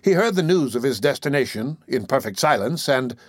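A man reading a classic novel aloud in a measured, formal storytelling manner. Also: mid-range voice, lively intonation, dry recording, studio quality. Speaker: narrator. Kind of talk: scripted narration of a classic novel.

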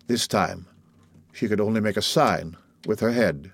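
A man narrating a classic novel as an audiobook, in measured, dramatic storytelling. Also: on the low side, vocal fry, dry recording.

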